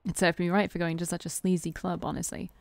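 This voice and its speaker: A woman streamer reading a visual novel aloud in an expressive voice, stopping for chatty, self-deprecating asides. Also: on the low side, fast, vocal fry, no echo. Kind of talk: reading game text aloud with casual asides.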